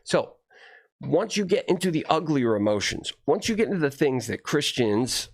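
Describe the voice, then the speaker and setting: Brief: solo video host, rambling profane rant, raspy low fry, very animated delivery. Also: male voice, normal speed. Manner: profane, heated, swings between low mutters and raised outbursts. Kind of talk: rambling ranting monologue.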